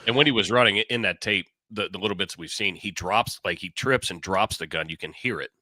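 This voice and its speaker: A man co-hosting a podcast in casual talk, blunt and quick to swear. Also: low-pitched, bright, forceful tone, no echo. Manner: blunt, agreeing, swears freely. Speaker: podcast co-host. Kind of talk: casual opinion chat.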